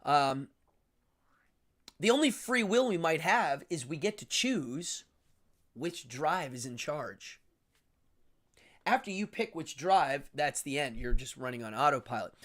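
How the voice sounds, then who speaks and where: A man with an English accent and a slightly high, fairly bright voice hosts a livestream. He rambles enthusiastically about philosophy in a casual monologue, saying "um" a lot.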